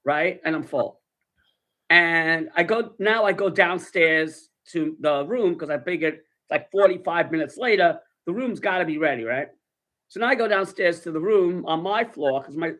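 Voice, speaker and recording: A man with a New York accent and a notably high voice for a man rambles through a story in a laid-back ASMR manner. He swears offhandedly and keeps tagging his sentences with "right?". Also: moderate pace, pushed and bright. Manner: rambling, chatty, swears casually, says "right?" often. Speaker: storyteller in a played video.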